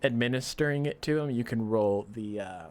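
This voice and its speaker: A man running a tabletop game as dungeon master, playful and quick to laugh. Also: medium pitch, a little hiss or hum. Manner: laughs often, lively and playful.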